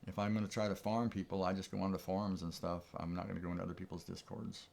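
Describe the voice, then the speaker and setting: A man's voice: deep voice, level tone, quick pace, gravelly, darkish tone. A man giving casual live-stream commentary on his trades, thinking aloud in an easygoing way. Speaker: trading streamer.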